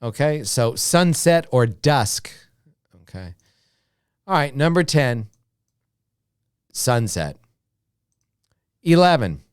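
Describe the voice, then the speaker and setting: Slow, deliberate American English teacher man. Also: medium pitch, lively intonation, clear, resonant tone, no room sound, clean studio sound. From United States. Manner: drills words slowly, repeating each one with many "okay"s. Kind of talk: slow, repetitive beginner English lesson.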